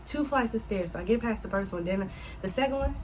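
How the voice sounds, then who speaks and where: A woman telling a casual storytime to her viewers, animated and swearing freely as she addresses them as y'all. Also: medium pitch, fast talker, music in the background, rough recording. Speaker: vlogger.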